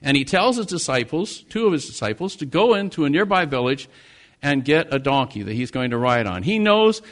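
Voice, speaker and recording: A man from the United States delivering a sermon in a somewhat high voice. His preaching is earnest, swelling on key words and falling back to quieter, weightier phrases. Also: big pitch swings, a little fast. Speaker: pastor.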